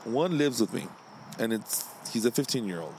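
A man co-hosting a casual podcast, ranting with heavy swearing and swinging from low grumbles to loud outbursts. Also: animated, moderate pace, a little hiss or hum. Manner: profane, heated ranting. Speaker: podcast co-host.

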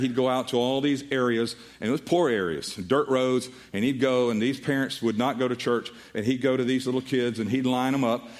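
A middle-aged man preaching a sermon as a pastor, telling a Bible story with animated delivery and acting out the voices of the people in it. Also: medium pitch.

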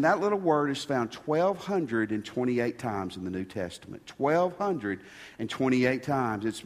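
A man preaching a sermon as pastor, stressing his points by repeating key phrases. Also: mid-range voice. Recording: long reverb of a large hall.

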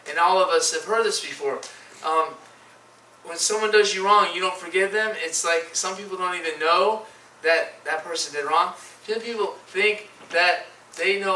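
A man's voice: high voice, sharp tone, slight background noise. A man preaching a sermon, often stumbling and repeating words, reading scripture in old-style phrasing. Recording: echoey room from far off.

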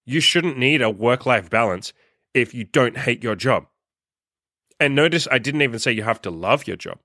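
A man's voice: mid-range voice, animated, normal speed, pushed and bright, no room sound, clean studio sound. Profane, fired-up male podcast ranter. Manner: profane, blunt, fired-up and scolding. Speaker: podcast host and coach. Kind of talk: ranting solo podcast monologue.

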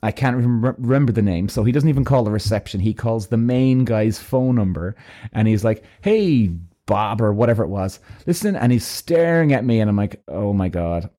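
An Irish man telling a personal story in a loose, swearing, animated way, acting out both sides of each conversation. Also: fairly low pitch, normal speed. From Ireland. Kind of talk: casual storytelling.

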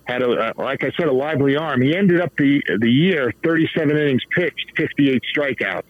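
A man in his fifties telling baseball stories as a guest in a casual interview, animated and laughing often. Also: medium pitch, fairly quick, narrow, tinny audio. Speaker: author and baseball manager guest.

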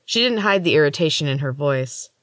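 A woman hosting a storytelling podcast, reading a first-person novel in measured, expressive narration. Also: sits low, no room sound.

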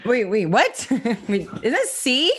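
A woman's voice: a little high, sing-song, takes it slowly, a bit bright, breathy edge, dry recording. A woman co-hosting a casual podcast, chatting in a rambling, giggly way with lots of fillers. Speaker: podcast co-host. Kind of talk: casual chat.

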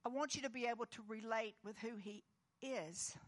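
A woman pastor giving an earnest, comforting sermon, dropping to a hush and then rising with emphasis. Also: a little high, normal speed. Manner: earnest, comforting, moves between hushed and emphatic.

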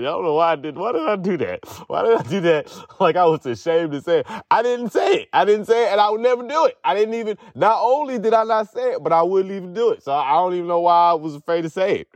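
Profane rambling young man, slightly high voice. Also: no echo. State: in pain from a foot injury. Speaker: podcast host. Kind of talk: casual podcast monologue. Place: sitting outdoors at home.

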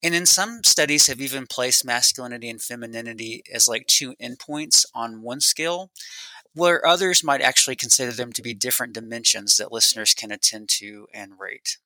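A man being interviewed as a speech researcher, explaining his study in a measured, academic way. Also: mid-range voice, bright, forceful tone, no room sound, low-quality recording.

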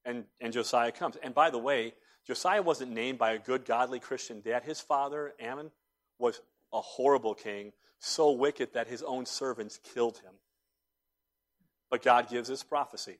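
A man preaching a sermon as pastor, telling stories with animated swings between hushed and loud delivery in a church. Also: mid-range voice, moderate pace. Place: church sanctuary.

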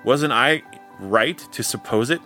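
A man's voice: medium pitch, animated, measured pace, sharp tone, faint music behind. A man voicing a stubborn old village man who speaks in a rustic, insistent way. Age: older.

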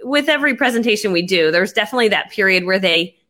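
A woman telling a business story in casual conversation, animated and quick to act out her own past lines. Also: medium pitch. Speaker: network marketing entrepreneur.

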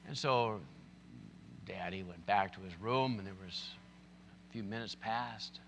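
A man's voice: on the low side, unhurried, a bit bright, big-room sound, slight background noise. A man preaching a sermon, telling stories and building to emphatic, impassioned points. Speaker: pastor.

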